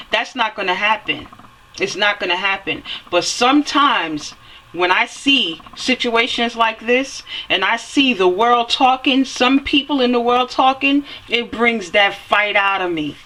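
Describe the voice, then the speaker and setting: A woman giving a fiery, preachy opinion rant, repeating phrases for emphasis and swearing as she climbs to near-yelling. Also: fairly high pitch, a little slow, a little hiss or hum, low-quality recording. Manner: swears and rises to near-yelling when heated. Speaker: vlogger.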